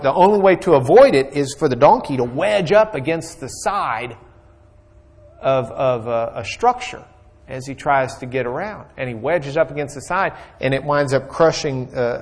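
A man's voice: mid-range voice, animated, moderate pace, breathy edge. A man teaching a Bible lesson in a folksy, joking storytelling way, with plenty of fillers.

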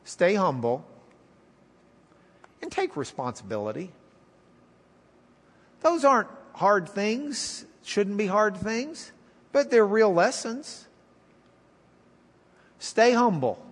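High-voiced folksy preacher in a big hall. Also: male voice, sing-song, slow, pauses often. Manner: folksy, conversational, wry. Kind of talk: storytelling sermon.

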